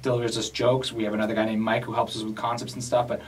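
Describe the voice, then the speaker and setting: A man's voice: fairly low pitch, little pitch movement, fast talker, slight background noise. A man co-hosting a casual studio chat, playful and jokey in his banter. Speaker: co-host of a comedy rap video series. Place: their recording studio. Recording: voice a bit far from the mic.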